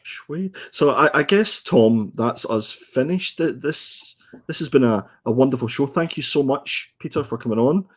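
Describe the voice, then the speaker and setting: A man's voice: medium pitch, expressive, moderate pace. A man co-hosting a casual comics podcast over a video call, hesitant and often repeating words. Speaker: podcast co-host. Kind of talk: casual chat.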